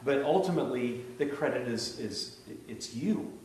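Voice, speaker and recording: A man's voice: medium pitch, expressive, normal speed, a little mellow. A man in a casual church discussion who tells stories in a reflective, searching way. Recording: echoey room, distant mic, faint noise.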